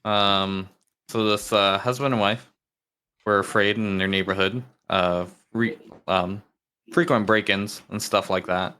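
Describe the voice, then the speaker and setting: A man with a bright, somewhat low voice tells jokes on a casual podcast. He swears freely and slips into the characters' lines as he goes. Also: fairly even intonation, a little slow, smooth. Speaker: podcast co-host. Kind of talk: casual chat, telling jokes.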